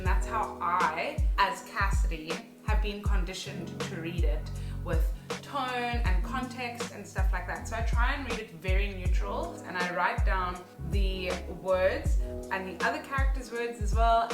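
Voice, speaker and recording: A young woman from South Africa, a vlogger and actor, chatting casually in a rambling, animated way in a room at home. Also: medium pitch, roomy sound, low-quality recording. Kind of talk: casual vlog chat.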